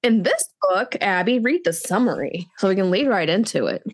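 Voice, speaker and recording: A woman co-hosting a book podcast, chatting casually in an animated, rambling way. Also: mid-range voice, normal speed. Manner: chatty, animated, restarts and fillers. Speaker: podcast co-host.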